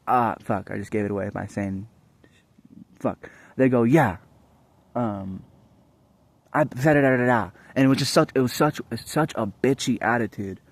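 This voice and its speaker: A man's voice: medium pitch, moderate pace, dry recording. A young adult man vlogging in a casual, rambling monologue, swearing often and restarting his sentences. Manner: profane, rambling, frequent restarts.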